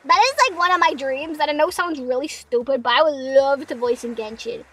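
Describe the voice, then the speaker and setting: A woman's voice: high voice, a little fast, fairly bright tone, poor audio. A young woman streaming and chatting casually with viewers, playful and self-deprecating, with frequent giggles. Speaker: streamer, part-time voice actor. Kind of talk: casual live-stream chat.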